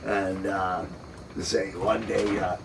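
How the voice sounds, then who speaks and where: A man's voice: low-pitched, little pitch movement, takes it slowly. A man with a Cape Breton accent swapping profane work stories in casual chat, chuckling as he talks. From Cape Breton, Canada. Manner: swears constantly, chuckling anecdotes. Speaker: podcast co-host. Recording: distant mic with clear background noise.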